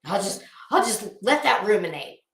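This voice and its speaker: Sarcastic, bright-voiced woman ranting. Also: mid-range voice, big pitch swings, normal speed. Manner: sarcastic, blunt and profane. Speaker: YouTube commentator. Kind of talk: casual ranting commentary. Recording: roomy echo.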